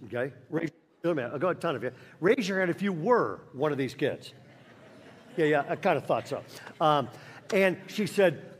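A man's voice: a little high, slightly rough. A man preaching a sermon to a church congregation, telling a story and acting out the voices of its characters. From Northern California. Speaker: guest pastor. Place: large church auditorium. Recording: church hall reverb.

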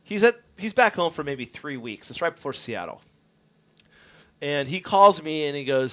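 A man's voice: fairly high pitch, moderate pace. A man casually telling a long road-trip story on a radio show, swearing freely and acting out what others said. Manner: animated, swearing, voices others in his story. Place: radio studio.

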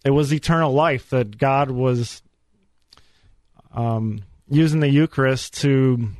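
A man giving an earnest, animated personal faith testimony as a guest on a radio show. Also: medium pitch, takes it slowly, no room sound. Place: radio studio.

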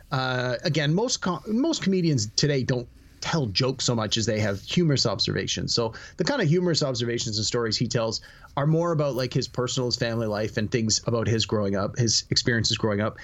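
A man's voice: medium pitch, brisk. Rambling man chatting on a podcast. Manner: rambling, animated storytelling with many fillers. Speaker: podcast co-host. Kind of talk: casual podcast chat.

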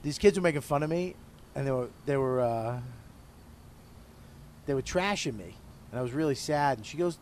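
A man's voice: medium pitch, expressive, normal speed, long pauses, a little mellow, slight background noise. A middle-aged man, a comedian being interviewed, talking candidly and profanely about himself while smoking a cigar. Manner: candid, profane, self-deprecating. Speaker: comedian guest. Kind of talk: casual interview talk.

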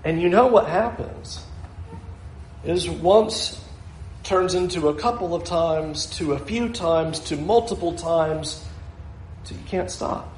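A man's voice: on the high side, slow pace, slight background noise. A middle-aged male pastor preaching a sermon earnestly, acting out the answers of the people he counsels. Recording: echoey room with faint ambience.

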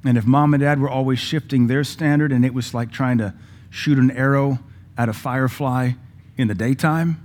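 A man's voice: mid-range voice, fairly even intonation, moderate pace, darkish tone. A male pastor, preaching a sermon in a conversational, folksy way with asides to the congregation. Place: church.

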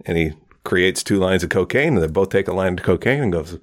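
Low-voiced man telling street jokes. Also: fairly quick. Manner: rambling, restarts often. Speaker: podcast host. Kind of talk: casual joke telling.

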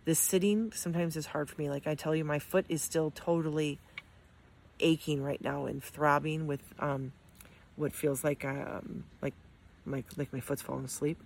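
A woman's voice: deep voice, fairly even intonation, normal speed, vocal fry, a little mellow, a little hiss or hum. A middle-aged woman, an amputee, giving a heartfelt motivational talk, earnest and encouraging, with frequent ums and restarts. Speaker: amputee sharing her experience.

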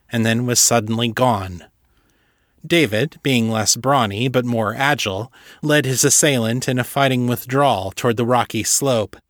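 A man narrating his own story as author and podcast host, with steady, plain storytelling. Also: mid-range voice, dry recording, studio quality. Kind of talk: audiobook narration.

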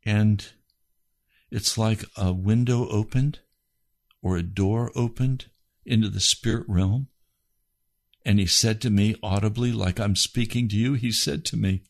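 A man delivering a testimony in a sermon, talking slowly and deliberately. His voice is gravelly with a lot of fry, and it sits low. He speaks with passion. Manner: impassioned, rising to cries when quoting his prayers. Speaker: preacher.

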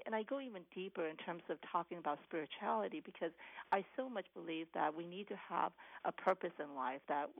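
Woman doctor guest, low gravelly voice, earnest with restarts, over a tinny phone line. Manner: earnest, many restarts and "you know". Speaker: cardiologist guest. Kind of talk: interview answers.

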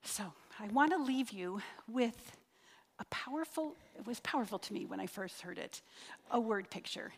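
A woman's voice: on the high side, expressive, husky. A middle-aged woman giving an earnest sermon in a church, stretching key words out for emphasis. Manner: earnest, drawn-out emphasis, leads the congregation in prayer. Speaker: church speaker. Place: church sanctuary. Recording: reverberant church hall.

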